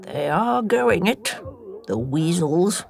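A gravelly female badger , voiced by a woman, speaks with calm, firm command in a storybook reading. Her pitch sits fairly high and moves a lot. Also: slow, full character voice. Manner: calm and firm, rising to battle cries.

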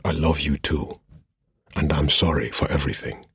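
A man voicing a badly wounded young man who speaks quietly, weary and resigned. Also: rumbling low, flat delivery, moderate pace, husky, dry recording, clean studio sound, exaggerated voice. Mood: weak.

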